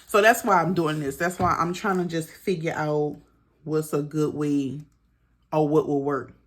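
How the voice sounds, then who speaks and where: A woman's voice: deep voice, fairly even intonation, a little slow. A middle-aged woman running through her monthly bills in a casual budgeting vlog, chatting to viewers as she adds up figures. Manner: chatty, talks to viewers as girl and y'all while adding up figures. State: out of breath. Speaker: budgeting vlogger.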